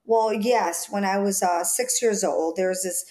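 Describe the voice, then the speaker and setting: A woman's voice: mid-range voice, measured pace, slight background noise. A woman in her forties from Jamaica with a light Jamaican accent, a stylist telling childhood stories in an interview, acting out the voices of people she quotes. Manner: lively storyteller, acts out quoted voices. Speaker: stylist guest. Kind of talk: interview storytelling.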